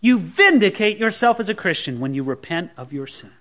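Animated high-voiced male preacher. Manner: animated preaching, acting out a believer's inner voice; swings from hushed, slow emphasis to loud, high outbursts. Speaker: pastor. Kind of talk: sermon.

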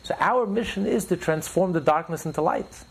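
A man teaching religious ideas in an interview, preacherly, rising sharply in pitch for emphasis and telling stories with acted voices. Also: moderate pace, vocal fry, slightly rough, rough recording.

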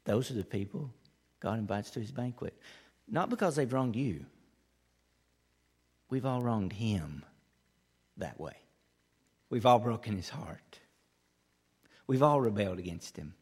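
A man preaching a sermon, his delivery swinging between loud, eager stretches and hushed, quiet lines. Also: fairly low pitch, expressive, moderate pace, pauses often, husky, big-room sound. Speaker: pastor.

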